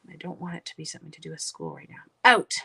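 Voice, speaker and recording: This middle-aged woman's voice sits on the low side, swooping wildly in pitch at a quick pace, with vocal fry, a sharp tone and a breathy edge. Hosting a card-making livestream, she chats to viewers and talks herself through every step.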